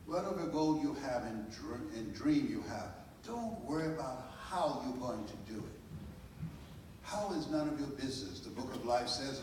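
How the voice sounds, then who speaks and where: An older American man giving a live inspirational speech, telling a story with dramatic pauses and building to a preacher-like cadence. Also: mid-range voice, lively intonation, a little mellow, slight background noise. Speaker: motivational speaker. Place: large hall with a live audience. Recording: echoey hall from far off.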